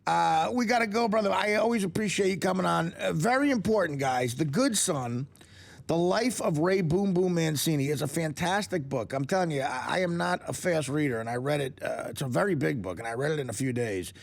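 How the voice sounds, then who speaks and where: A man's voice: on the high side, expressive, fairly quick, creaky. A man hosting a radio talk show, joking and wisecracking with his guests.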